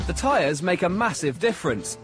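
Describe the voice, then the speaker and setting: A man reading scripted documentary narration in a steady, measured voice-over. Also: sits high. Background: music.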